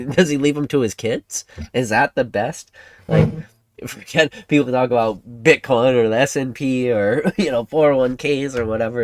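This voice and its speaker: A man hosting a livestream, ranting excitably to his chat, laughing often and swinging between loud outbursts and hushed asides. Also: medium pitch, dry recording. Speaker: livestream host.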